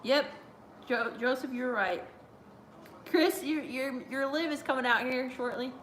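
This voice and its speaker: A woman's voice: high-pitched, a little slow, a bit bright, a little hiss or hum. A young woman hosting a casual live watch-along stream, chatty and giggly as she reads viewer chat aloud. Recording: roomy echo.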